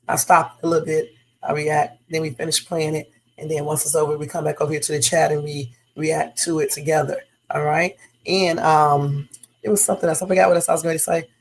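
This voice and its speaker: Woman host, gravelly morning voice, casual chatty reaction streamer. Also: low voice, level tone, a little fast, poor audio. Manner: chatty, loose, with fillers and Southern-style talk. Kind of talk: casual livestream chat.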